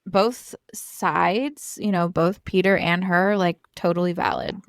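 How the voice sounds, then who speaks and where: Low-voiced woman chatting on a podcast. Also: steady tone, a little slow, dry recording, clean studio sound. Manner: short agreeing replies, laughs along. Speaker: podcast guest. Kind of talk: casual chat.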